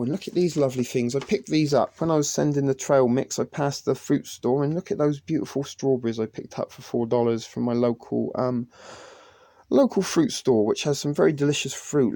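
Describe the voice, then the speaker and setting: A man's voice: a little high, no room sound. A man giving a casual tour of his food stores, rambling and joking with many ums, speaking English as a second language. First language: not English. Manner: rambling, jokey, with frequent ums. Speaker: vlogger. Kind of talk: casual home pantry tour.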